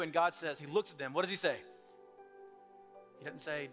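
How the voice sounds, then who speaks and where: A male pastor delivering a sermon in a high, bright voice. He swings from loud, urgent pleading to hushed, near-whispered appeals. Soft music plays quietly behind him. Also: fairly quick, pauses often.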